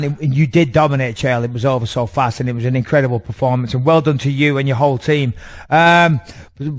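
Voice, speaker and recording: A man with an English accent hosting a radio interview, polite and a little hesitant. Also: fairly high pitch. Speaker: host.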